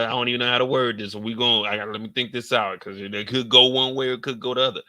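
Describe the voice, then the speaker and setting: A man hosting a live stream, reacting to a TV episode in slangy, animated storytelling with sudden loud, high outbursts. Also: dry recording. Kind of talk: casual live reaction commentary.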